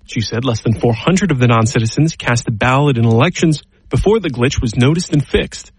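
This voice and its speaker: A male correspondent giving a measured, scripted news report. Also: mid-range voice, slightly rough, no room sound, rough recording.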